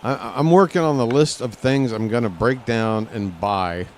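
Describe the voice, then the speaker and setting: A man streaming live gameplay from a lounge chair at home, talking to the game and reacting loudly as he plays. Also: medium pitch, moderate pace, slight background noise. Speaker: gaming streamer.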